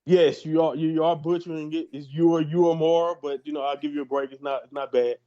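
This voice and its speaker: A fairly high-voiced American man chats loosely on a podcast and keeps restarting his sentences while his thoughts catch up. The audio is dull and lo-fi. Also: fast. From United States. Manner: animated, rambling with many restarts. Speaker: podcast co-host. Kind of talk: casual chat.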